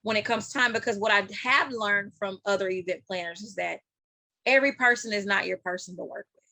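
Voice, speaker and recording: A woman's voice: medium pitch, a little fast, vocal fry, dry recording. A woman hosting a casual interview, asking questions and affirming often. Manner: warm affirming, lots of yeahs. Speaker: interview host.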